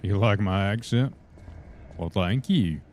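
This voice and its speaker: Young Southern man, low voice, loose folksy live-stream game commentary. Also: slow, darkish tone, slight background noise. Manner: folksy, calls viewers brother. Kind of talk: casual live gaming commentary.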